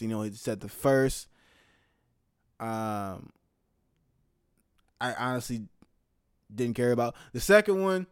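A young man delivers casual, heated, profane commentary, swinging between loud outbursts and low muttered asides. The recording is studio quality with no echo.

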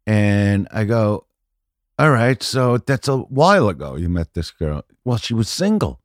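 A man telling stories as a podcast guest, profane and rambling, saying "you know" constantly and often building to loud punchlines. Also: fairly low pitch, measured pace, no room sound, studio quality. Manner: animated, often shouting punchlines. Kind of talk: casual storytelling chat.

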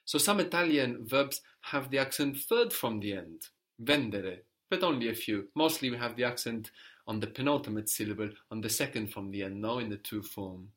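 Man, language teacher, patient, encouraging, step-by-step explanations, mid-pitched voice. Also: brisk, a bit bright. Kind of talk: interactive language lesson.

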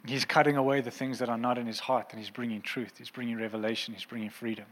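A man's voice: mid-range voice, level tone, fast, fairly bright tone, long reverb tail, low-quality recording. A man preaching a sermon as a pastor, earnest and impassioned, in a church auditorium.

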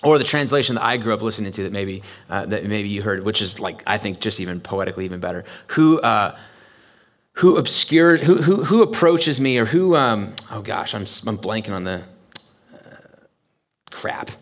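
A man preaching a sermon in a conversational, animated way, acting out the voices he quotes. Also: fairly low pitch, moderate pace. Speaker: pastor. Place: church.

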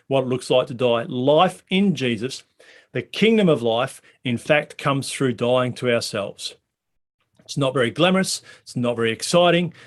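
A man preaching a sermon in a conversational way, asking the congregation many questions. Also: mid-range voice. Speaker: pastor.

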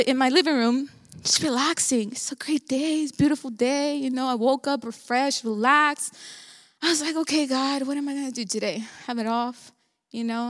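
A young woman telling a personal faith story to her viewers, animated, acting out quoted dialogue. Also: sits high, big-room sound.

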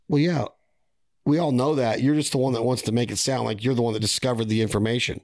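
A man's voice: mid-range voice, quick pace, darkish tone. A podcast host, a man with a mid-range voice, talks in a blunt and impassioned way. He drops the odd swear word as he makes his point. The sound is dry and close, with no room echo. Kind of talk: casual podcast conversation.

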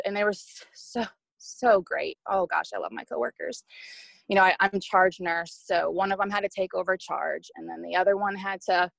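A woman's voice: fairly low pitch, vocal fry, a bit bright, no echo. A young woman telling her own story as a podcast guest, candid and emotional, quoting what others said. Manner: candid, emotional retelling with quoted speech. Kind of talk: personal storytelling.

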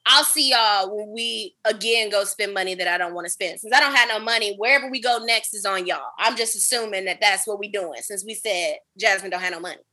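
A woman hosting a casual chat, telling a long story in an animated, profane, dramatic way. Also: medium pitch, a little fast, hardly any pauses. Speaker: podcast host.

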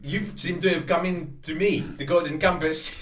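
A man voicing a pompous, self-important golden compass in a game, with a mock-grand, breathy, swaggering delivery. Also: fairly high pitch, fairly even intonation, normal speed, close to an everyday voice. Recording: echoey room, crowd behind.

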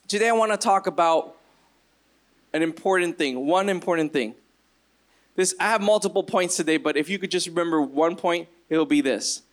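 A man preaching a sermon, retelling scripture and acting out quoted voices with sudden jumps in pitch. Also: moderate pace. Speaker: pastor.

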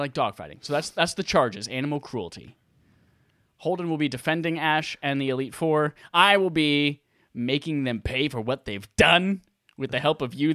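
A man hosting a casual live gaming podcast on a headset mic, energetic, crude and joking, laughing often. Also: fairly high pitch, dry recording, clean studio sound. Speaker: podcast host. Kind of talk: casual livestream podcast chat.

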